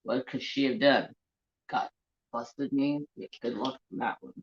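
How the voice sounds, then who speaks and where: A man chats on a homemade crafting livestream, wandering from one salty story to the next as he greets people in the chat. His voice sits at a middling pitch. It comes through a dull, lo-fi phone recording. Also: measured pace. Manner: rambling, salty storytelling while reading live chat. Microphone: handheld phone.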